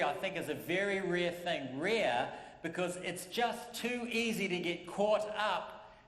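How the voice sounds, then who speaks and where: In an echoey church hall, a pastor with a fairly high, slightly bright voice preaches a sermon. He speaks conversationally and repeats phrases for emphasis.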